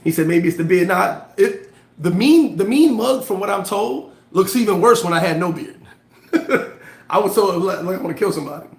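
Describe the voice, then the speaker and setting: A fairly high-voiced man talks straight to his viewers in a casual motivational livestream. He tells stories with lively, slangy energy and stops to answer comments. The sound is roomy and echoey. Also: normal speed, gravelly. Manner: animated storytelling with street slang. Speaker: livestream host giving motivational talk. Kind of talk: casual motivational live chat.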